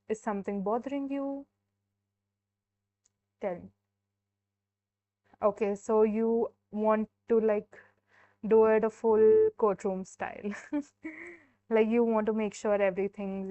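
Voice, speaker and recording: A young woman gives a casual live-stream tarot reading, chatting in a relaxed way and filling her sentences with "like". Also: medium pitch. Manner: chatty, heavy use of "like" and fillers. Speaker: tarot reader. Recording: dull, dry sound.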